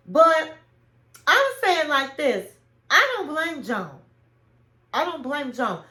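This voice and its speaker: A woman's voice: high-pitched, big pitch swings, slow, pauses often, pushed and bright, reverberant. A woman hosting a reality TV recap, giving her opinions in casual commentary and acting out what people said. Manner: opinionated, retells scenes by acting out quotes.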